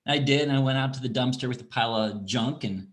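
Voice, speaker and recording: A middle-aged man teaching an online astronomy class, talking in a relaxed, rambling way with restarts and asides. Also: mid-range voice, fast talker. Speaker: university astronomy instructor. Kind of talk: online lecture with screen demo.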